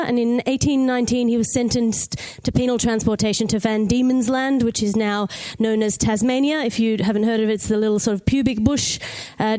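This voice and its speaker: Wry Australian woman with a higher voice. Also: a little mellow. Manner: wry, jokey asides. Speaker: guest comedian. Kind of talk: comic history storytelling.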